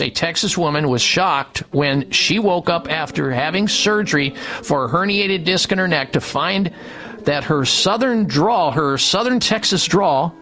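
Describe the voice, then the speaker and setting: A man's voice: fairly high pitch, bright, forceful tone. A man hosting a radio health show, reading ad copy and chatting about a medical story. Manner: reading ad copy, repeating phone numbers slowly. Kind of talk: radio talk with read ads.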